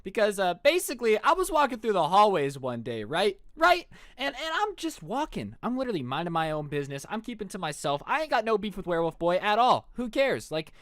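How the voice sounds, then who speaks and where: A young man telling a story on his stream, his fairly high voice swinging widely as he jokes. He talks in slang and throws in disbelieving asides. The recording is dry and close, with no room sound. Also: fast talker, hardly any pauses, dry recording. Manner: animated, joking, slangy, with mock-incredulous asides. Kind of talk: casual storytelling on a livestream.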